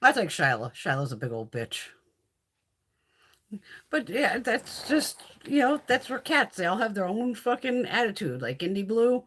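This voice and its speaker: A woman's voice: medium pitch, very animated, measured pace, fairly bright tone. A talkative woman hosts a casual livestream and swears freely as she chats with her viewers. Her voice swings up and down a lot while she talks. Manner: chatty, profane, reads and answers viewer comments. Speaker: livestream host.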